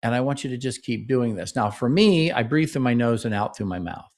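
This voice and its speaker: Male relationship host, mid-range voice, instructive and animated, acts out couples' lines. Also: medium pitch, brisk. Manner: coaching, frequent "okay?" and "right?" check-ins. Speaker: relationship therapist and podcast host. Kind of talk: instructional talk.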